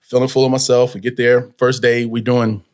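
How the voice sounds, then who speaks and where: A man's voice: medium pitch, level tone, moderate pace, darkish tone, clear, resonant tone. A man in his forties from California, a guest actor telling a profane story on a podcast and acting out every character in it. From California, USA.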